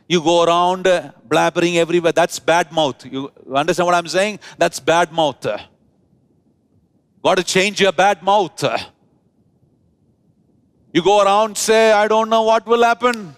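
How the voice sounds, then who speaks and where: A man preaches a sermon in a church. His voice sits high and his delivery is slow and deliberate, drawing out words for emphasis. The sound is dry and close. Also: fairly even intonation, clean tone, dry recording. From India. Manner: preaching with drawn-out emphasis and call-and-response. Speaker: pastor.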